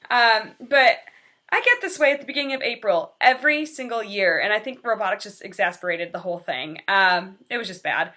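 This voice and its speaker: A woman's voice: medium pitch, animated, brisk, pushed and bright. A woman in her twenties, a teacher, talking candidly and earnestly in a personal vlog confession. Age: 20s.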